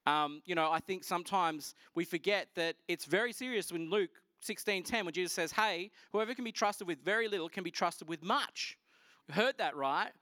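Australian male pastor, high voice, playful and animated, dry recording. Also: moderate pace, no room sound. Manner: animated, joking, quizzes the congregation. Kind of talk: sermon.

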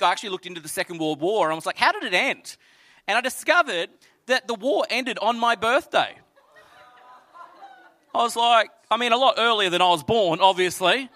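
A young Australian man preaching a sermon in church, reading scripture and telling lively stories with acted-out voices. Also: high-pitched, no echo. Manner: animated storytelling, acts out quoted voices. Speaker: pastor.

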